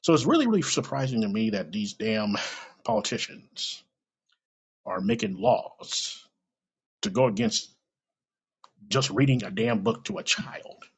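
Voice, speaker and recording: A man talks in a casual, blunt monologue, swearing freely and acting out little quoted exchanges. His voice is gravelly and slightly husky, sitting a bit high and swinging widely in pitch. The recording sounds dull and lo-fi. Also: sing-song, unhurried, long pauses. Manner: blunt, profane, rambling with quoted asides. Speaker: podcast host. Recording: lo-fi podcast recording.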